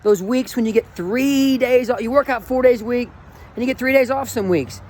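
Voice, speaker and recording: High-voiced emotional coach in his forties. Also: a little fast, darkish tone, a little hiss or hum. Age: 40s. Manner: enthusiastic, emotional, rambling with restarts. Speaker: running coach. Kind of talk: casual motivational vlog.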